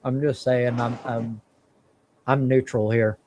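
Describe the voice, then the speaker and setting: A man's voice: medium pitch, steady tone, slow pace, darkish tone, a little hiss or hum. A man hosting a live stream, talking casually and bluntly with plenty of swearing as he works through his thoughts. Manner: blunt, profane, talks through his thinking. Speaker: stream host.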